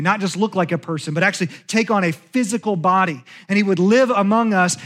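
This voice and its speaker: A man with a high voice preaches a sermon in a church. He talks in a conversational way and sinks to a hushed tone when he voices confessions. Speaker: pastor. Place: church sanctuary.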